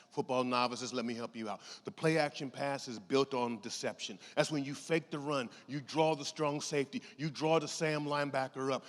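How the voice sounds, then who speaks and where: A middle-aged man giving a motivational keynote, telling a story in an animated way and acting out voices as he goes. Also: mid-range voice. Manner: animated, acts out voices, laughs often. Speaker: keynote speaker. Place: large conference hall. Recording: long hall reverb.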